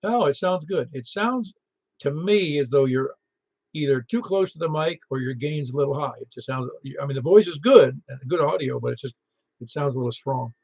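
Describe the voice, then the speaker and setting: A man hosting a ham radio net in casual chat, chatty and quick to tell stories. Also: on the high side, lively intonation, gravelly, a little mellow, breathy edge. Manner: chatty, storytelling, laughs easily. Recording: muffled lo-fi radio audio.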